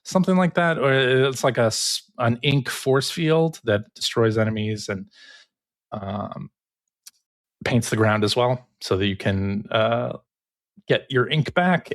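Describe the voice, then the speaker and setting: A man co-hosting a podcast and presenting the news in a relaxed, hesitant way with frequent fillers. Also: medium pitch, no room sound, clean studio sound. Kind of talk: casual chat.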